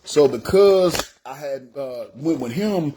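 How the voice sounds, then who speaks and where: A middle-aged man giving a casual testimony into his phone, animated and acting out the people in his story. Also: a little high, slow, a little hiss or hum.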